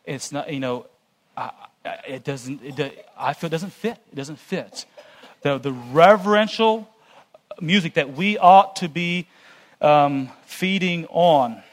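A man's voice: on the high side, expressive, measured pace. A man speaking earnestly to a church meeting, giving a cautionary sermon-style lecture in a conversational way.

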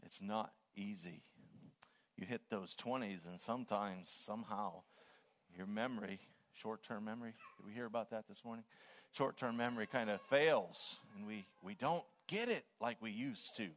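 An older man preaching a sermon, stressing single words and swelling loud when he quotes scripture. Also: fairly low pitch, lively intonation, moderate pace, a little hiss or hum.

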